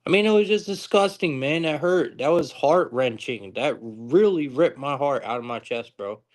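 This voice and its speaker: A man's voice: on the high side, expressive, moderate pace. A young man hosting a live sports-betting stream, talking casually with frequent swearing and exasperated outbursts. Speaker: sports betting show host.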